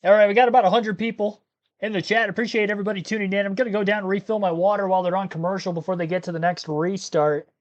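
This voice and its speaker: A man from Ohio chats casually through a livestream. He rambles, second-guesses dates and corrects himself out loud. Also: high-pitched, fairly even intonation, racing, muffled recording. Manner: rambling, laughs while talking, self-correcting. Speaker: livestream host. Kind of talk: casual live commentary chat.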